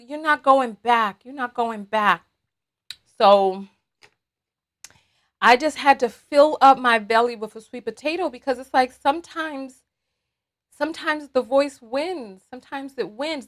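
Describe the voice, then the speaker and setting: High-voiced, unhurried woman host chatting. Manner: animated, chatty, talks straight to viewers. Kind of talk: livestream commentary chat.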